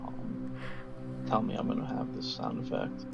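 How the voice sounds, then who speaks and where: A man runs a tabletop game as game master, narrating loosely at a moderate pace and packing in fillers as he rambles. The recording is lo-fi, with music in the background.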